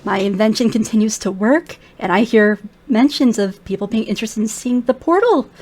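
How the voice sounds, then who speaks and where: A woman's voice: on the high side, moderate pace, a little mellow, lightly acted. A woman voicing an ancient bald male moon elf wizard who runs a shop, fussy and grandly welcoming. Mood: eager.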